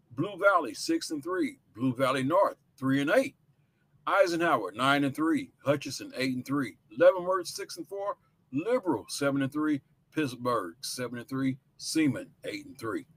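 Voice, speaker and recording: Male host, husky voice, brisk list-reading of sports rankings with a few casual asides, mid pitch. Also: expressive. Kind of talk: reading out high school football rankings.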